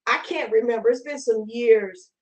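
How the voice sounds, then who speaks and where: A woman hosting a casual interview, chatty and excitable. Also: fairly high pitch, moderate pace, rough recording. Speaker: talk show host.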